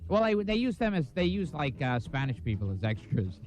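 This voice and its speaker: A man appearing as a comedian guest on a radio show, trading jokes with deadpan asides. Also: on the high side, a little fast, faint music behind. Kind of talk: casual radio banter. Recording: dull lo-fi radio recording.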